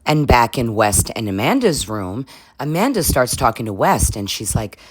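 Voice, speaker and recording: A woman's voice: very deep voice, very animated, moderate pace, slightly rough, no echo. A woman giving a casual, sassy reality-TV recap, laughing often and swearing freely. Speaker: recap vlogger.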